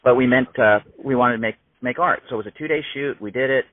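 A man in his fifties, a musician guest telling an emphatic, animated story in casual conversation, heard over a tinny phone-like line. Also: medium pitch, fast talker, no room sound. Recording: tinny phone-like dry sound.

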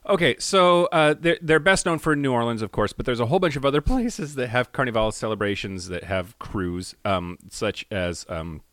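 A man co-hosting a casual podcast chat, giggly and riffing, sometimes jumping into high squeals. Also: expressive, moderate pace, few pauses, fairly bright tone, dry recording, clean studio sound. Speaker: podcast co-host.

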